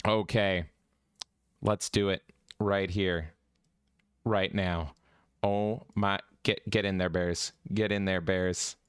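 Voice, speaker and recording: A man's voice: deep voice, steady tone, slow pace, pauses often, clean tone, dry recording, studio quality. Rowdy, profane podcast host man. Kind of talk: casual gaming podcast chat.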